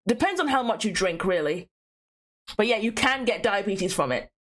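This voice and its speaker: A young woman giving casual let's-play commentary, playful and animated, often repeating herself for fun. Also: mid-range voice, moderate pace. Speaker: gaming streamer.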